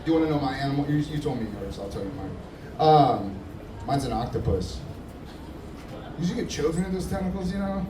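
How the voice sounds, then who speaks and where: Laughing stand-up comic in an echoey club. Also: male voice, on the high side, animated, a little fast, long pauses. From Middle Eastern heritage, Persian father. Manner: loose, laughing, teasing the crowd. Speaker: stand-up comedian. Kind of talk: stand-up crowd work. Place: comedy club stage. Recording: echoey room, distant, noisy crowd.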